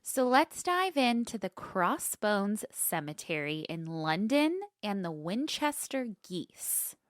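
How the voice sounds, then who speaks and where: A woman's voice: mid-range voice, big pitch swings, slow pace, no echo, studio quality. A woman co-hosting a casual comedy podcast, telling a history story in a bubbly way and laughing often. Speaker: podcast co-host.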